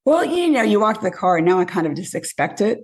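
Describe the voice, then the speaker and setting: A woman's voice: mid-range voice, fast talker. A woman in her fifties, a podcast guest, animatedly telling dating stories and acting out what people said. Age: 50s. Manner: animated, acts out quotes. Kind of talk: casual storytelling.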